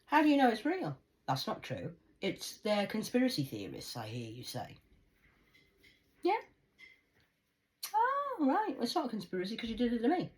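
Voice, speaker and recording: A woman speaking intensely and emphatically to her viewers, swinging between loud outbursts and hushed asides. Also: mid-range voice, huge pitch swings, brisk, rough recording. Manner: confiding, addresses viewers directly. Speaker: vlogger. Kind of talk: emotional personal monologue to camera.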